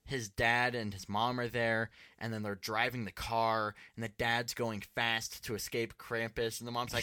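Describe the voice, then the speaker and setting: A man co-hosting a casual podcast, telling a story in an animated way with quick reactions. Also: medium pitch. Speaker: podcast co-host.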